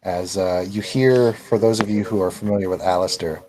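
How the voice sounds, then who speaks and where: A man narrating as game master of a tabletop role-playing game, in a relaxed, chuckling way. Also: low voice, moderate pace, low-quality recording.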